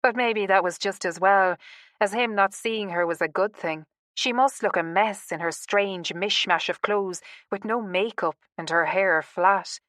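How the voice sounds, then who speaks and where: Reading scripted narration for a romance audiobook, a medium-pitched female voice tells the story in a measured, expressive way. The studio-quality recording carries no echo.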